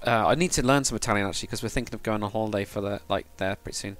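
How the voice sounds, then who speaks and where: A man's voice: lowish voice, rapid-fire, a bit bright, soft background music. British man chatting on a live stream. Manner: rambling, swears, chats with viewers. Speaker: livestreamer. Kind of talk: casual live-stream chat while building.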